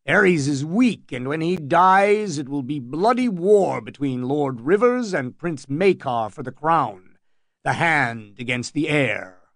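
A man's voice: on the high side, lively intonation, a little slow, dry recording, clean studio sound. A man reading as a blustering old knight. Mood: grumbling. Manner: indignant, blustering. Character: boastful grumbling middle-aged hedge knight. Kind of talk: audiobook reading.

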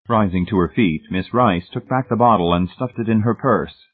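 A man narrating a story as an audiobook in an even, measured way. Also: lowish voice. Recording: tinny, phone-like narrow sound.

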